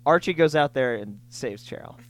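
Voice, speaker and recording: A co-host on a comedy recap podcast in casual chat, throwing in quick quips and exclamations and laughing. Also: mid-range voice, expressive.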